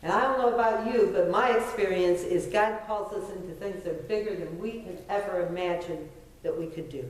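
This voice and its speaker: A woman's voice: fairly low pitch, fairly quick. A middle-aged woman pastor preaching a sermon in a conversational, self-deprecating way, pressing her points with emphasis. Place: church sanctuary. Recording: very echoey church from far off.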